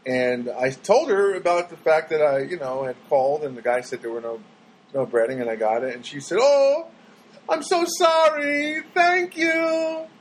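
A man's voice: mid-range voice, a little fast, darkish tone, a little hiss or hum, rough recording. A man vlogging in a casual, rambling monologue that keeps swinging into exasperated rants.

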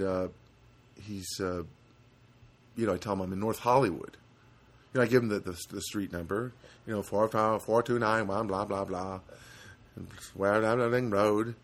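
A man's voice: fairly low pitch, normal speed, pauses often. A man delivering a sarcastic, rambling comedic rant with many restarts.

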